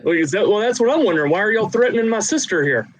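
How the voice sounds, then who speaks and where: Brief: man voicing a riled-up, protective party NPC, pitched high and pushy. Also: expressive, very fast, a little hiss or hum, poor audio. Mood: agitated. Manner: defensive, demanding. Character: agitated NPC protective of a sister.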